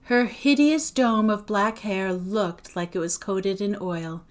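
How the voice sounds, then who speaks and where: Slow, measured woman reading a novel. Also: mid-range voice. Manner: measured, expressive storytelling. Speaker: teacher.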